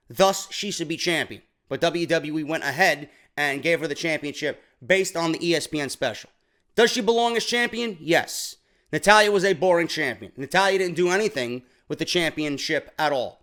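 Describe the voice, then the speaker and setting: Opinionated male wrestling-show host with a high-pitched voice, blunt and fed up. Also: a bit bright. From New York. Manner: blunt, exasperated, ranting.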